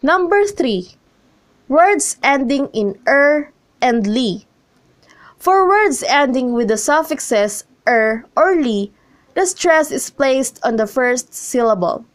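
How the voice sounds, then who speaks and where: A young woman reading a scripted classroom lesson, slowly and carefully, with pauses between listed example words. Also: high-pitched, sing-song. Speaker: student presenter.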